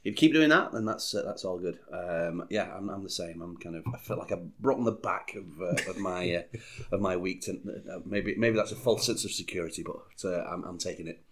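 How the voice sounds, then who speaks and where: A man's voice: low voice, brisk, a bit bright. A man co-hosting a podcast in a bar, chatting casually and hesitantly with many fillers and restarts. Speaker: podcast co-host. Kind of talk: casual chat. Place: bar in San Diego.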